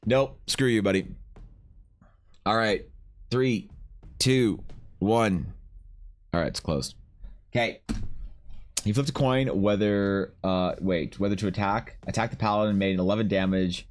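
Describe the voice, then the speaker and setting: A young man chatting casually on a live art stream, animated and swearing as he banters with viewers, his voice slightly rough. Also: on the low side, a little slow, pauses often.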